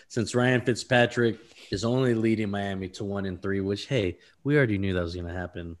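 Rambling, laughing male sports podcaster. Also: fairly low pitch. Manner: fast, rambling analysis with laughs and stumbles over names. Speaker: podcast co-host. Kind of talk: casual sports chat.

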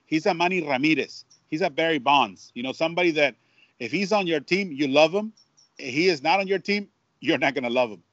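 Man, broadcaster telling stories in an interview, animated with restarts; dull lo-fi sound. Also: on the high side, fairly quick, no echo. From Mexico. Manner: animated storyteller, many restarts and repeats. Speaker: Spanish-language baseball broadcaster. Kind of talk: casual storytelling interview.

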